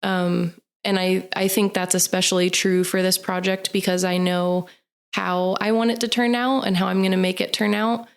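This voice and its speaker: A woman co-hosting a podcast in relaxed, earnest casual chat. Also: lowish voice, creaky, smooth. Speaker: podcast co-host.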